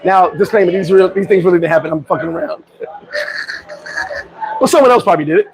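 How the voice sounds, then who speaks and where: Male vlogger, high pitch, animated and joking rant, street crowd audible behind. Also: fast, low-quality recording. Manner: animated, joking, swears freely. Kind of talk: casual rant to camera.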